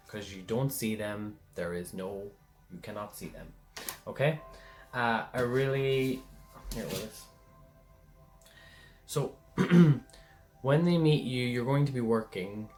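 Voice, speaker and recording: A man giving a casual pick-a-card tarot reading, rambling and chatty, often checking in with the listener. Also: on the low side.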